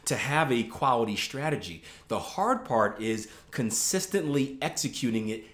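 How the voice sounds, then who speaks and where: A man's voice: mid-range voice, lively intonation, moderate pace, fairly bright tone, echoey room. A man talking as a trading coach in a casual video blog, loose and chatty with many fillers and restarts, recorded outdoors in a garden.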